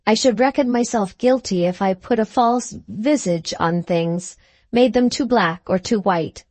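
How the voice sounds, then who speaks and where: A woman voicing an earnest foreign male musician who speaks gently but gravely in a storybook reading. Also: medium pitch, measured pace, no echo, natural voice. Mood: solemn emphatic.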